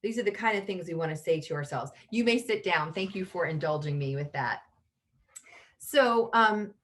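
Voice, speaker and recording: A middle-aged woman coaching parents over a video call, teaching lively and acting out the lines a parent might say. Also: on the low side. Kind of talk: online parenting workshop.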